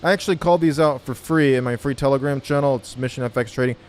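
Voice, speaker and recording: Laid-back male trading tutor, blunt and profane, mid-pitched voice. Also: fast, slight background noise. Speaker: trading educator. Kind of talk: casual video tutorial.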